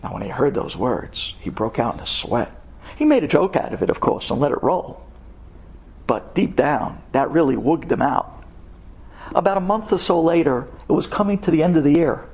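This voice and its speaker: Man, rabbi, dramatic storytelling, husky, high voice, emphatic. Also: moderate pace. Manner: animated, conversational, emphatic.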